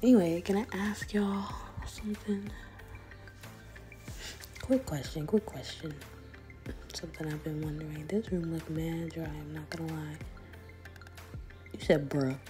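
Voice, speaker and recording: A young woman vlogger talks through a chat room in a slow, unhurried, slang-filled way, laughing often and sometimes dropping to a whisper. Her voice is mellow and a little low. Faint music plays behind her. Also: fairly even intonation. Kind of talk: casual commentary on a game chat room.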